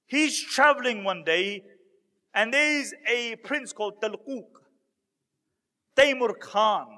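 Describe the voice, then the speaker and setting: With a very high-pitched, sharp voice, a man preaches to a live crowd in a hall with long reverb. This Islamic preacher tells stories dramatically, voicing the speakers he quotes.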